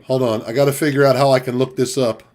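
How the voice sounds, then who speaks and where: A man's voice: mid-range voice, little pitch movement, fast talker, darkish tone. A man streaming and chatting casually, rambling and distracted as he looks something up, swearing now and then. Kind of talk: casual chat. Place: game stream at home. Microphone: desk mic.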